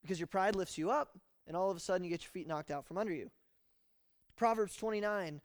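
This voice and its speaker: A male preacher giving a sermon in an animated, conversational way, laughing along as he goes. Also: high voice, quick pace, no room sound, studio quality.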